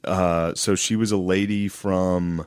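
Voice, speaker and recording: A man with a very low voice tells a long story on a podcast, circling back and restarting as he goes. His talk is casual and full of swearing. The sound is close and dry. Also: steady tone, slow, darkish tone, no echo. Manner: rambling, profane storytelling with many restarts. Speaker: podcast co-host.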